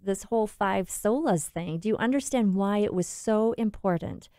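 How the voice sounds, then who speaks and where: A woman's voice: medium pitch, normal speed, mellow, no room sound, clean studio sound. A woman with a Wisconsin accent co-hosting a Christian radio talk show, earnest and exclamatory, urging listeners.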